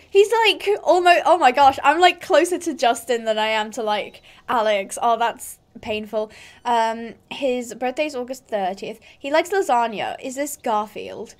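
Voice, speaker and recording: A woman rambles through casual let's-play commentary for her channel. Her voice is high and light. She chats and giggles as she talks. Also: animated, moderate pace. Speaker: gaming YouTuber.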